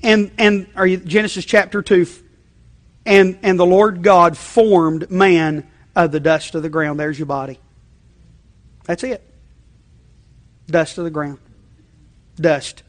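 A male pastor preaching a sermon in a conversational way, checking in with the congregation and shifting between loud emphasis and quiet asides. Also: high voice, fairly even intonation, takes it slowly, pauses often. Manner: conversational, repeating check-ins, frequent restarts.

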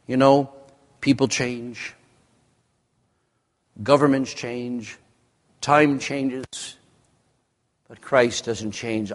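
Male pastor, sermon delivery, unhurried and emphatic, long hall reverb. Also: steady tone. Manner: slow, emphatic delivery with sweeping pitch. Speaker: preacher. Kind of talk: evening sermon.

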